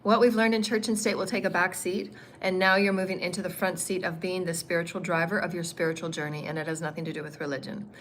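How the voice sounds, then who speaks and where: A woman teaches a spiritual lesson on a livestream in a fairly low, slightly bright voice, with a little hiss or hum in the background. She meanders and repeats phrases, punctuating her speech with frequent ums and uhs.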